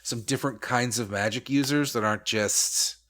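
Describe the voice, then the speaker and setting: A man's voice: mid-range voice, normal speed, a bit bright. A young man co-hosting a casual gaming podcast, rambling with lots of "like" and mock-outraged rants. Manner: rambling, heavy use of "like", mock-outraged ranting. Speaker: podcast co-host.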